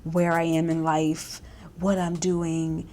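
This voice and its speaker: A woman's voice: deep voice, flat delivery, slow pace, dark tone, a little hiss or hum. A woman vlogger talking in a casual, reflective way, with many fillers and restarts. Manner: chatty, self-reflective, many fillers and restarts, laughs often.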